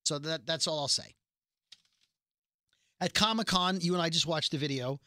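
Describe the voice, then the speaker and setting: Bright chatty male podcast host. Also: on the high side, moderate pace, dry recording. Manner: chatty, rambling with restarts. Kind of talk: casual chat.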